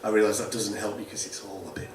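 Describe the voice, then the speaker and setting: A man's voice: on the low side, completely flat delivery, quick pace, noisy background. A man introducing a song at a folk club, telling a story in a rambling, wry but sincere way. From Middleton, Northern England. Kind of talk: casual storytelling between songs. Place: folk club room, live. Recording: echoey club room, far from the mic, music.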